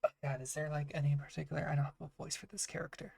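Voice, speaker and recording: A game master on a call, mid-pitched and plainly spoken. They describe the scene in loose, casual runs, laugh easily, and mock their own skills. They curse now and then. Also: flat delivery, rapid-fire, creaky, darkish tone, slightly rough. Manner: self-deprecating, laughs often, swears. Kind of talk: running a tabletop game on a call.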